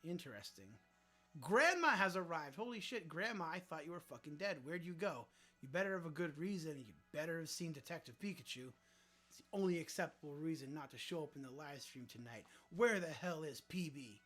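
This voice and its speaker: A man's voice: fairly high pitch, lively intonation, quick pace, a bit bright, faint music behind. A man hosting a casual livestream, joking around and answering viewer chat aloud, with some swearing. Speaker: livestream host.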